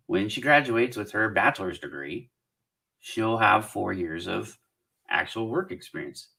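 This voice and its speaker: A man's voice: low voice, animated, moderate pace, creaky, sharp tone. A middle-aged man from Southern California, hosting a casual live-stream Q&A as a career coach, chatty and encouraging while he reads out viewer comments.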